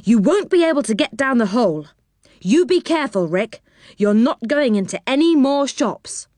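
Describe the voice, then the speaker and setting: Woman doing a bossy, sensible boy for a storybook, reproving tone, lifted pitch. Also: expressive, normal speed, darkish tone, dry recording, clean studio sound. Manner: stern, reproving.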